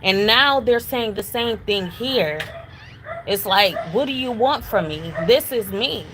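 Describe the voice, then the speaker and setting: A woman's voice: a little high, expressive, a little slow, noisy background. A woman in her thirties, a homeless mother, speaking insistently and repetitively about being rejected, close to tears. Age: 30s. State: near tears. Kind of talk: emotional personal testimony.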